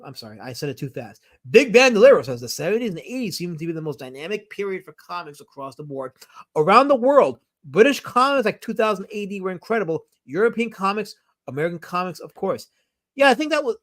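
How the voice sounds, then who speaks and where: A man hosting a casual live stream, reading viewer comments and rambling enthusiastically with fillers and self-corrections. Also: a little high. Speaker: streamer host.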